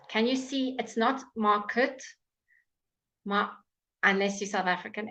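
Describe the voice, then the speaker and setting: A woman with a British accent teaching English pronunciation in a live online class, enunciating words slowly and clearly, with frequent fillers. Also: medium pitch, bright, forceful tone, rough recording. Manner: slow, clear, drawn-out enunciation with many fillers. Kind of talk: live online language lesson.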